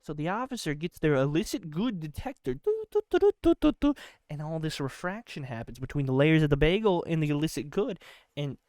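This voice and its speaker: A man's voice: a little high, expressive, a little fast, darkish tone, no room sound. A sleepy man hosting a comedy podcast, spinning an absurd rambling monologue and often repeating himself. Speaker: podcast host.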